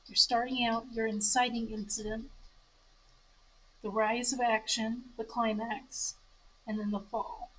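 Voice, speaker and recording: Young woman, slightly high voice, relaxed club leader, chatty, self-correcting, faint background hiss. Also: unhurried, long pauses, poor audio. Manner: chatty, explains through story examples, self-correcting. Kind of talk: casual teaching to a group. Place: public library meeting room.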